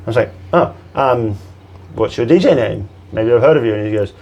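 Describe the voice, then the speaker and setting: In a muffled recording, a man with a mid-range, breathy-edged voice speaks fairly quickly. He's a bartender guest on a podcast, casually telling stories, swearing, and acting out the people he quotes.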